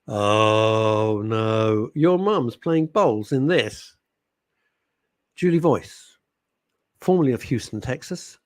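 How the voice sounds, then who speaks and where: A man's voice: lowish voice, no room sound. A middle-aged man, hosting a radio show in casual, rambling chat. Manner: animated, rambling, puts on quoted voices. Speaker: radio host.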